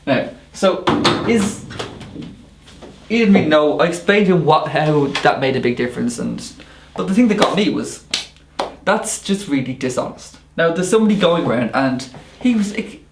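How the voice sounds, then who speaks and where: Irish man, lively swooping delivery, casual podcast chat, echoey room. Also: on the high side, normal speed, background noise. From Ireland. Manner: animated, emphatic storytelling. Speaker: barista and co-host.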